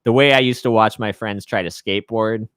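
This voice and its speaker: A man's voice: on the low side, steady tone, a little fast, a bit bright, clear, resonant tone, no echo, clean studio sound. A man talking casually with a friend, rambling and self-deprecating, laughing often and peppering his talk with "like". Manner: filler-heavy, many "like"s and restarts. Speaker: podcast host. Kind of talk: casual chat between friends.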